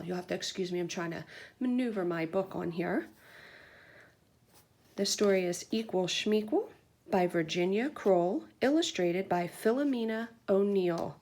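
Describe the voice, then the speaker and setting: A young woman teacher reading a picture book aloud to children, gentle and clear as she explains. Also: on the low side.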